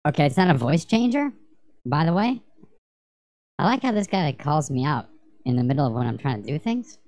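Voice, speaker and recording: Streaming a retro game, a woman rambles, swears and jokes with her chat while she plays. Her voice sits low with a darkish tone, and she talks fairly quickly and very animatedly.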